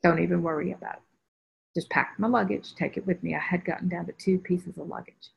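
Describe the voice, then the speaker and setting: A woman with a lowish, gravelly, husky voice speaks a little fast as she shares a personal story. She's a spiritual teacher on a group video call, animatedly performing the voices of people she quotes, captured in dull, lo-fi call audio.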